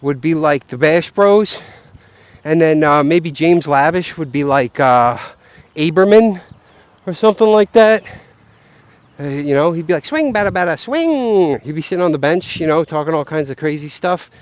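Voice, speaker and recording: A man's voice: a little high, normal speed, clear, resonant tone, no echo. A young man ranting casually outdoors, swearing often and rambling between half-formed thoughts. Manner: profane, rambling, self-doubting. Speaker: vlogger. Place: outdoors, near geese. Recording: muffled lo-fi recording.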